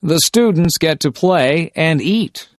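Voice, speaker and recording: A man reading simple short stories slowly and deliberately for English shadowing practice. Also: a little high, lively intonation, dry recording, studio quality. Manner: deliberate, carefully paced reading of short sentences. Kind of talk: slow scripted story reading for shadowing practice.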